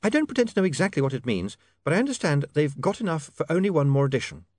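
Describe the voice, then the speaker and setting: A prim, snappish young woman reporter, as a male reader puts her on speaks in a raised, proper voice far above the reader's own. The storybook reading is dry and close, with a pitch that swings up and down. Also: big pitch swings, fast talker, darkish tone, no echo. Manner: primly snappish.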